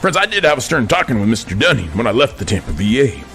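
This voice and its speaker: Male veteran vlogger, bright and gravelly, preachy and indignant, with faint music underneath. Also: mid-range voice, sing-song, fast. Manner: addresses listeners as friends constantly, indignant, swings between soft and shouting. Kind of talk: preachy monologue to viewers.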